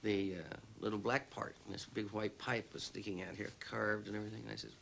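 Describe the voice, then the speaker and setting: A man's voice: on the low side, flat delivery, brisk, creaky, fairly bright tone, slight background noise. A man in his fifties telling a folksy anecdote in an interview with plain, homespun grammar. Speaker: interviewee recalling an old friend.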